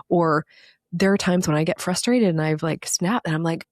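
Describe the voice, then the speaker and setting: A woman's voice: lowish voice, a little fast, a little mellow, dry recording, clean studio sound. A middle-aged woman speaking as a podcast guest, earnest and reflective, talking candidly with plenty of fillers. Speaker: podcast guest, recovery coach. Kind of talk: candid conversational interview.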